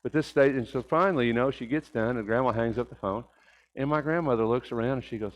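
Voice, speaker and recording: A man's voice: mid-range voice, fast talker, rough recording. An older man preaching a Sunday sermon, telling folksy stories and rising to emphatic points.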